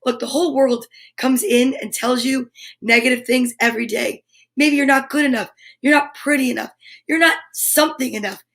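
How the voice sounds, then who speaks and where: A woman's voice: high-pitched, steady tone, moderate pace, a bit bright. A woman hosting a live children's storytime, upbeat and encouraging as she leads affirmations and reads picture books aloud. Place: home studio for a live stream.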